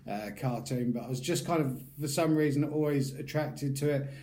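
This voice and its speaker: A man's voice: mid-range voice, normal speed, mellow. A middle-aged British man from the UK, giving a casual, rambling product review as a YouTube reviewer. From United Kingdom. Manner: chatty, rambling, loose and informal.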